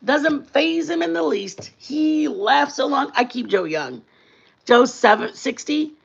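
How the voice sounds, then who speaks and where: A woman's voice: sits high, expressive, takes it slowly, vocal fry, muffled recording. Giggly woman telling stories on stream. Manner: giggly, playful, laughs often. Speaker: livestream host. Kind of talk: casual storytelling chat.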